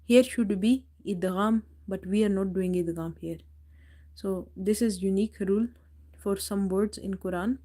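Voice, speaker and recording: A woman teaching Quran recitation in a live lesson, reciting verses slowly, repeating them and calmly explaining each rule. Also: medium pitch.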